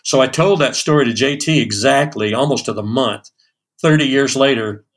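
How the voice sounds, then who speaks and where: Guest, 60s male drummer, rambling anecdotal delivery, mid pitch. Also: moderate pace. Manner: animated anecdotes with many restarts and fillers. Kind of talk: storytelling in a podcast interview.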